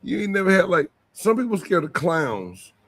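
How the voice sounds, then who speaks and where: A man co-hosting a casual sports debate show, joking with his partner and calling him bro, with sudden animated outbursts. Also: high-pitched, moderate pace. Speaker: co-host.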